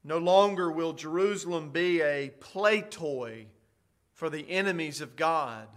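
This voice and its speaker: A middle-aged male preacher delivering a sermon at an unhurried, deliberate pace. His voice sits a little high for a man, and he leans hard on key words, climbing to loud, ringing declarations before dropping back. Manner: slow, emphatic preaching that rises to loud declarations.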